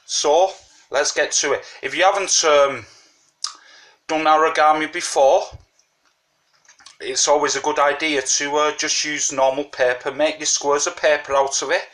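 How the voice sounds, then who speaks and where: A man's voice: fairly high pitch, a bit bright. A man hosting a casual origami tutorial, chatting through each fold with lots of fillers while sucking a mint. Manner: chatty, repeats "you know what I mean", many fillers. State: talking with a mint in his mouth. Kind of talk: casual step-by-step craft tutorial.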